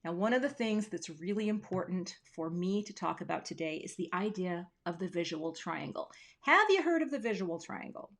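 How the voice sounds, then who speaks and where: A woman's voice: lowish voice, a bit bright. A woman hosting a casual live crafting tutorial from her home craft room on a webcam, chatty and playful, with self-deprecating asides. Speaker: craft teacher hosting a livestream.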